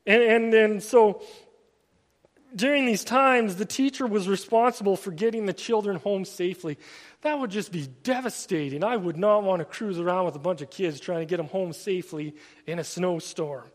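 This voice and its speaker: A man preaching a sermon in an earnest way, often stammering and restarting his phrases, and at times dropping to a soft, quiet voice. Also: high-pitched, normal speed. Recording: long hall reverb.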